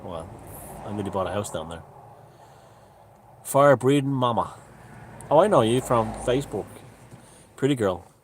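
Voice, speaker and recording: A man hosting a casual live stream from a room at home, greeting viewers and chatting in a relaxed way. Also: lowish voice, unhurried, long pauses, a little hiss or hum. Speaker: livestream host. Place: room at home with the window open.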